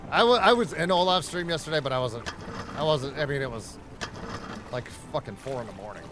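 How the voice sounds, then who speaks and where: Amid background noise, a man livestreams a video game, chatting casually and profanely with viewers as he plays. His medium-pitched voice is animated and a little fast, and he rambles while addressing both the chat and the game.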